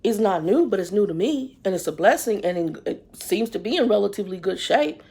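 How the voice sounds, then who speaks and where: A woman hosting a ministry livestream, talking and preaching in a relaxed, conversational way, often acting out the voices of people she quotes. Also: mid-range voice, a little fast, creaky, husky. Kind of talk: casual spiritual talk. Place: in a car.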